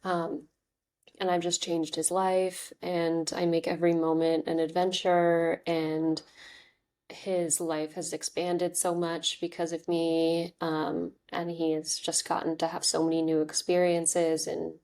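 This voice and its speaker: A woman's voice: on the low side, level tone, unhurried, darkish tone. A woman in her thirties, hosting a podcast and telling a personal story in a chatty, candid way, full of "like"s and "um"s. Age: 30s. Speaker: podcast host.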